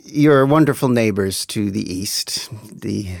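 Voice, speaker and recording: A man's voice: on the low side, unhurried, vocal fry, no echo, clean studio sound. A man interviewing a guest, asking curious, leading questions in a casual way.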